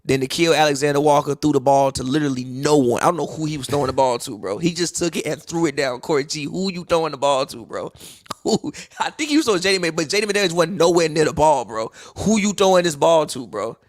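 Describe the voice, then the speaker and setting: A man's voice: on the high side, expressive, quick pace, no echo, clean studio sound. A man co-hosting a podcast, ranting animatedly about the game, profane and repeating his punchlines. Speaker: podcast co-host. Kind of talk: live game reaction chat.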